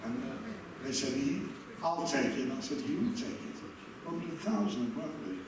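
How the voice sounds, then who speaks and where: An older man spins chatty comic stories on stage, chuckling through his own punchlines and dropping the odd mild swear word. His voice rings around a big echoing hall. He is picked up from a distance, with steady noise underneath. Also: fairly high pitch, moderate pace. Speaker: comedian telling stories on stage. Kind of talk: stage anecdotes to an audience. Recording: echoey hall, far from mic, noisy.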